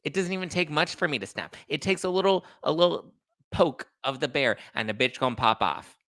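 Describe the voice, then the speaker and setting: A man hosting a casual livestream and reading chat comments, sassy and quick to get fired up, with bursts of loud outrage. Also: on the high side, animated, dry recording. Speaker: podcast host reading live chat.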